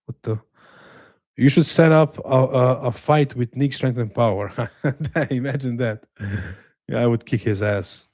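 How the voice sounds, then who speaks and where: A man with a Slavic accent hosting a live watch-along stream, reading chat aloud and answering in a relaxed, hesitant, self-deprecating way with dry humor. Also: medium pitch, no room sound. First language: a Slavic language. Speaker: livestream host reading chat.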